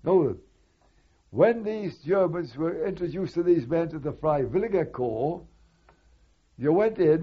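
Husky older man telling war stories. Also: on the high side. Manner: rambling, conversational storytelling with asides. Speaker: war veteran recalling memories. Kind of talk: oral history recollection. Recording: dull lo-fi recording.

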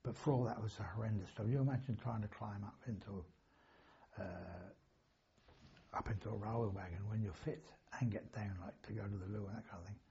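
Older man with a gravelly, husky voice. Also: lowish voice, steady tone, brisk, dark tone, muffled recording. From England. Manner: rambling anecdotal storytelling with chuckles and self-corrections. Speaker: interviewee, war veteran. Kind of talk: oral history recollection.

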